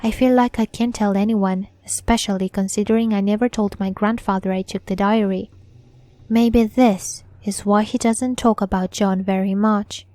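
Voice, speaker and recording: Female horror-story narrator, slow deliberate read, dark mellow tone, dry close recording. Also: medium pitch, fairly even intonation, dry recording.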